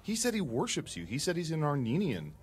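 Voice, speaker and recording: A man's voice: a little high, wildly swooping pitch, brisk, husky, full character voice. A man playing a blunt, crude male talking badger who co-hosts an improvised comedy podcast. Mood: teasing. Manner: blunt, swearing, mock-concerned. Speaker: co-host.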